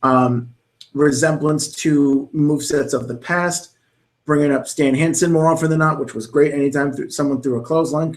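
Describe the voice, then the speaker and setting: A young man co-hosting a podcast, talking in a rambling, enthusiastic way with many restarts. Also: on the high side. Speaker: podcast co-host. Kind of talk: casual chat about wrestling commentary.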